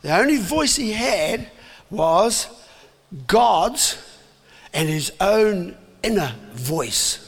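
A male pastor with a high, breathy voice delivers an emphatic sermon, very animated and stretching out his words. He asks the congregation questions and acts out voices, and the recording carries a long hall reverb.

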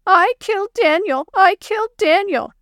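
A woman voicing a small girl who cries in a storybook reading, high and childish. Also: animated, measured pace, no echo, studio quality. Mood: wailing. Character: little girl crying over torn felts.

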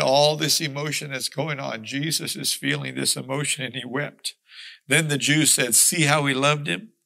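Guy reading the bible out loud and explaining as he goes, earnest, bright punchy voice. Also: medium pitch, poor audio. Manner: earnest, reads scripture aloud then explains it conversationally. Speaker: Bible teacher.

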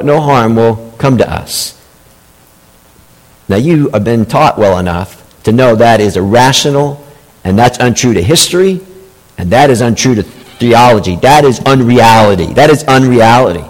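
A man preaches a Sunday sermon in a slightly high voice, hammering home key phrases by repeating them. He slips now and then into mock-sweet sarcasm. His voice rings out with a long reverb, as in a large church sanctuary. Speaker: pastor.

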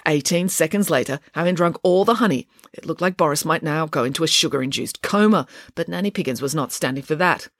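A woman reading her own children's story aloud, with a playful, wry and expressive delivery. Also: deep voice, quick pace, no room sound, studio quality.

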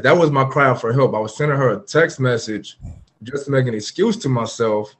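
A man's voice: medium pitch, a little fast. A man guest on a podcast, candidly recounting a personal story in an earnest, open way with frequent fillers. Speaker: podcast guest, former pro football player.

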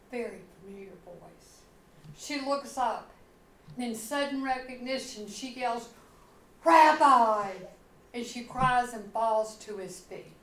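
Woman, pastor, sermon, dramatic storytelling, very slow delivery, echoey church room. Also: fairly high pitch, slight background noise. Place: church sanctuary.

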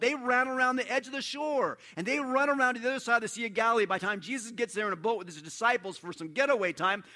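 A man preaching a sermon in an animated storytelling way, dropping to a hush and then rising loud. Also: very high-pitched. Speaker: pastor.

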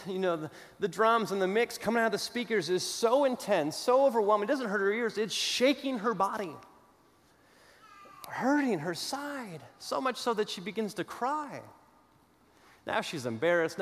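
A man preaching a sermon, telling a story with dramatic pauses and moving between loud declarations and hushed asides. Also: sits high, animated. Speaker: pastor. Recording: long hall reverb.

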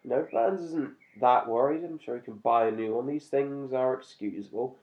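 A man's voice: medium pitch, normal speed. Chatty man, lo-fi sound. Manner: chatty, laughs often, animated bursts. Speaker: podcast co-host. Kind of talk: casual chat reviewing a cartoon episode. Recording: slightly muffled lo-fi recording.

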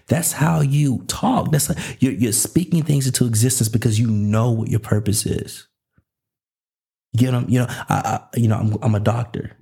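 A young man hosts a faith-based motivational talk in a dark, gravelly voice with a husky edge. He talks in casual slang, keeps asking rhetorical questions and acts out both sides of everyday conversations. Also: mid-range voice, normal speed. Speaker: podcast host.

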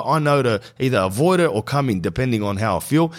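A man's voice: mid-range voice, animated, quick pace. A man hosting a podcast, rambling in slangy comic monologue and reading an ad. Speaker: podcast host. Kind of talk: comedic podcast monologue and host-read ad.

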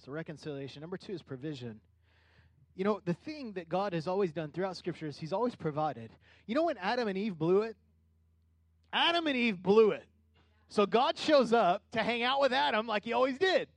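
High-voiced man preaching, dry sound. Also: a little fast, dry recording. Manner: conversational preaching with rising animated bursts. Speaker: pastor. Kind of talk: sermon.

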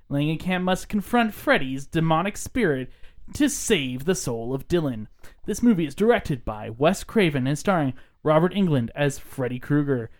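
A man hosting a casual podcast, relaxed, reading aloud and stumbling over names. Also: on the high side. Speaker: podcast host. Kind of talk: casual chat.

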